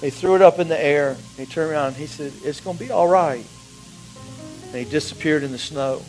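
A man preaching a sermon, telling a personal story with emotion, his voice dropping to a hush and rising again. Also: fairly high pitch, quick pace, soft background music, poor audio. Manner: emotional storytelling, swings from hushed to raised.

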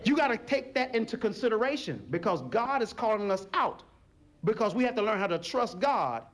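A male pastor preaches a sermon in a church sanctuary, his voice sitting high and brisk. He's animated, acting out little scenes with voices and calling on the congregation in call-and-response.

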